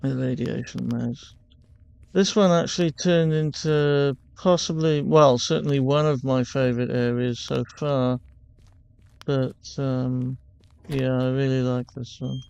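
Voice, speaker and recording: Casting: a man as a relaxed gaming host, slow and smooth-voiced, thinking aloud as he plays. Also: mid-range voice, highs cut off. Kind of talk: casual game playthrough commentary.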